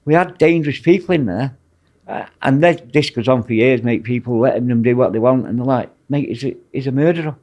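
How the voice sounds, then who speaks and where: A Mancunian man from Manchester, England, speaks at medium pitch, fairly quickly, with a darkish tone. He's a former prison officer guesting on a podcast, telling blunt, rambling anecdotes in a casual storytelling interview.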